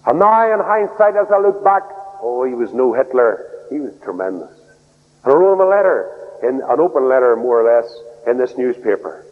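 A man preaching a sermon, swinging between loud raised outbursts and low, soft lines. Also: sing-song, moderate pace. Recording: tinny phone-like radio broadcast in a hall.

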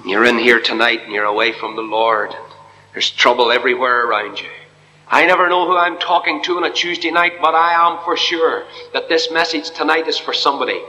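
A man preaching an evangelical sermon to a congregation in church, impassioned, dropping to a hush and then rising high. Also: brisk, a little hiss or hum. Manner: impassioned, swinging from hushed to soaring. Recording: long reverb of a hall.

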